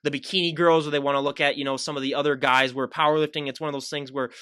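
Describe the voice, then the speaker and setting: A male podcast host who talks fast and rambles through casual questions. His voice is bright, and the sound is close and dry. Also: a little high, level tone, clear, resonant tone, no echo. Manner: rambling, chatty, many fillers and restarts. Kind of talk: casual interview chat.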